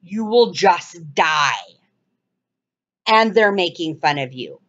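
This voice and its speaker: A woman hosting her own channel, commenting urgently over video clips and mocking with sarcastic high-pitched asides. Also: expressive, takes it slowly, a bit bright. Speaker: channel host. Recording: dull lo-fi sound.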